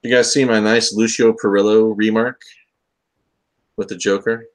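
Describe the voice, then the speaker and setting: Guy hosting a chill comics stream, lowish voice, jokey and rambly. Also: little pitch movement, normal speed. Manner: joking, rambling with many fillers. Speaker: host of a comics talk show. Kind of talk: casual live-stream chat.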